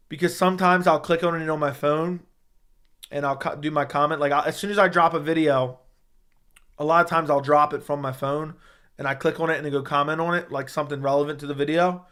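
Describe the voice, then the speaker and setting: A man's voice: on the high side, fairly bright tone. A man hosting a casual sports livestream from home, bluntly answering viewer questions into a studio mic. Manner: blunt, profane, dismissive of dumb questions. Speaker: MMA livestream host. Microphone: studio dynamic microphone.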